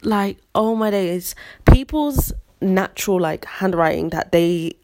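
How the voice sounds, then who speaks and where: A woman's voice: mid-range voice, slow pace, background noise. A young woman telling a story in a casual podcast, ranting and acting out the people she quotes. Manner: animated, acts out quoted voices, ranty. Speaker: podcast host.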